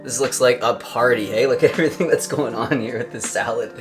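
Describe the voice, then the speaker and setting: A man's voice: mid-range voice, a little fast, over music. A man hosting a casual food vlog, chatting to camera and laughing easily as he cooks and tastes. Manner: chatty, relaxed, laughs often. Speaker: vlog host. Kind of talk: casual chat to camera while cooking and tasting.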